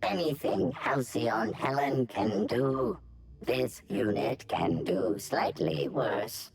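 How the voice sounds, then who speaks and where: A man's voice: mid-range voice, big pitch swings, slow, gravelly, husky, heavily acted. A man voicing a theatrical male robot actor in a video game, with a stiff, mechanical, announcing delivery. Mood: smug.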